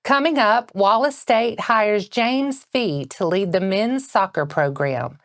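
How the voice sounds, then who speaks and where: A woman anchoring a local morning news bulletin with a Southern American accent, reading in a steady, measured way. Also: medium pitch, dry recording, studio quality.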